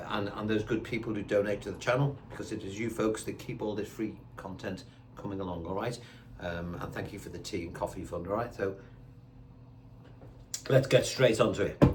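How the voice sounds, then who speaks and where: An older man gives a chatty guitar lesson for beginners, counting beats aloud while strumming his own acoustic guitar. His voice is on the low side, with slight background noise.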